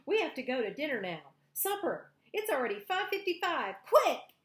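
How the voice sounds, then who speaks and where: A woman voicing a loud, fussy young man who insists on order, speaking in clipped, demanding complaints. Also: high-pitched, very animated, slow, echoey room, pitched above the performer's own voice, heavily acted.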